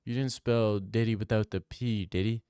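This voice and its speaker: A man's voice: on the low side, fairly even intonation, normal speed, dark tone, smooth, dry recording, studio quality. A young man hosting a livestream, reading out chat and rambling in a crude, jokey, casual way. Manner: rambling, crude, jokey, slips into silly voices. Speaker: livestream host answering chat.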